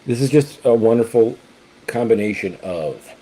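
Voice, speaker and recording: A man casually reviewing a whisky, talking in a halting, enthusiastic way with many fillers and restarts. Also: medium pitch, lively intonation, dark tone, slight background noise.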